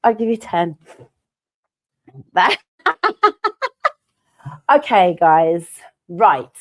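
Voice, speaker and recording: A woman's voice: lowish voice, drawn-out words, highs cut off. A woman co-hosting a live web show, laughing and teasing her co-host in playful chat. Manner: giggly, teasing, jokey.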